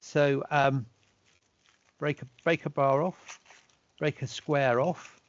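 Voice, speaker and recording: A man giving a relaxed, chatty online presentation as a chocolate expert, now and then asking for the next slide. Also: a little high, slow. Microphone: video call. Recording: dull, dry lo-fi audio.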